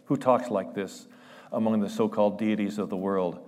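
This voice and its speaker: Male preacher, lowish voice, fervent sermon delivery with loud climaxes and hushed asides; large reverberant sanctuary. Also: fairly even intonation, fairly quick. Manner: impassioned, swells loud on scripture quotes and drops to hushed asides. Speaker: guest preacher. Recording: long church reverb.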